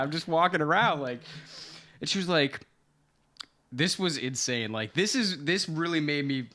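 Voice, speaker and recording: Podcast guy telling a wild story, bright punchy voice, kinda high, swears a lot. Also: takes it slowly, pauses often. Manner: animated storyteller, swears casually, acts out quotes. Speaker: podcast co-host. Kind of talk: casual storytelling chat.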